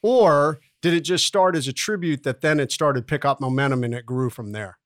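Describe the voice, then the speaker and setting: A man co-hosting a casual interview podcast at a middle pitch. He asks long, friendly questions full of fillers. The sound is dry and close. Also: fairly quick, dry recording. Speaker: podcast co-host.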